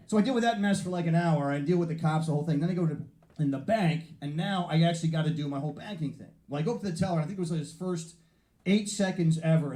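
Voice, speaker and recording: A man's voice: a little high, fast talker, mellow. A man doing a brash, profane stand-up routine on stage, acting out the people in his stories. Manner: brash, profane storytelling with acted-out voices. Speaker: stand-up comedian. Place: theater stage before a live audience. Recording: roomy live venue sound.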